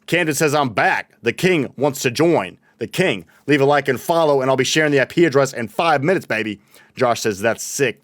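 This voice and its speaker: Young male streamer, casual chatty delivery, mid-pitched and resonant, close and dry. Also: fairly bright tone, no room sound. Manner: chatty, reads chat aloud and thanks followers. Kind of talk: casual livestream chat while gaming.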